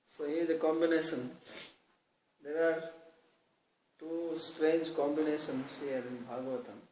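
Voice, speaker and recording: A man giving a devotional scripture class. He explains verses through everyday examples and chants the verses slowly. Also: on the high side, little pitch movement, darkish tone, slight background noise. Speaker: lecturer on scripture. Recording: roomy, distant mic, faint ambience.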